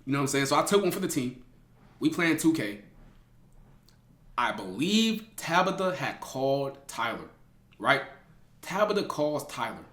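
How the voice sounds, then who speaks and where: A young man telling a story to his live chat in a casual, slangy way, laughing often and swinging between loud and hushed. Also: mid-range voice, big pitch swings, moderate pace, long pauses. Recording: roomy echo.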